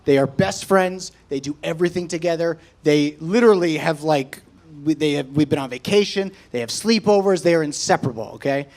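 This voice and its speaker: Brash, profane stand-up comic in his thirties, high-pitched, pushy delivery. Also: brisk, a little mellow. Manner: brash, profane, keeps tagging lines with "okay?". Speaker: stand-up comedian. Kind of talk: stand-up set. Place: comedy club stage before a laughing audience.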